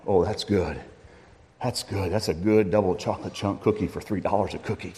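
A man's voice: low voice, brisk, warm tone, slight background noise, pitched below the performer's own voice, close to an everyday voice. A preacher doing a fussy young woman in a hall. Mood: indignant. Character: indignant young woman traveler fussing over cookies. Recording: long hall reverb.

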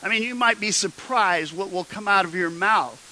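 Bright-voiced pastor telling a sermon story. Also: male voice, high voice, moderate pace, slight background noise, rough recording. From Midwestern United States. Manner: conversational with frequent restarts, rising to emphatic exhortation.

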